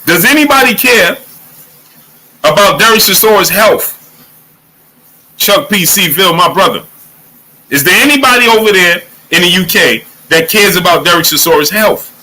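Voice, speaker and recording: A man hosting a boxing livestream, giving shout-outs to the chat in casual, animated talk, sometimes dropping to a hush. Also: sits high, moderate pace, long pauses. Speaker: livestream boxing show host.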